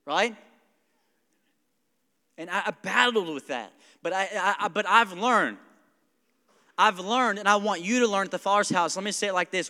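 A young male pastor preaching in a church hall, his high, bright voice rising with energy. He talks conversationally, with quick asides to the listeners, and a long reverb trails each phrase. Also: animated. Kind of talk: sermon. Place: church sanctuary.

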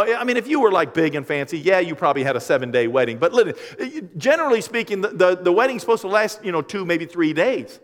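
A middle-aged male pastor delivers a lively teaching sermon, joking and slipping into quoted voices. His voice sits a little high for a man and trails a long reverb through the church. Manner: animated, jokey, acts out quoted voices. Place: church sanctuary.

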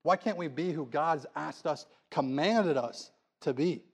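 A man's voice: on the high side, a little slow, breathy edge. A man preaching a sermon in a church, pleading with the congregation through earnest rhetorical questions.

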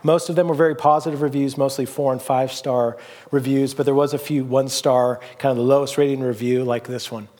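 A man's voice: mid-range voice, fairly even intonation, fairly quick, darkish tone. A middle-aged man pastor preaching a sermon in a loose, conversational storytelling manner, full of fillers and restarts. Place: church hall.

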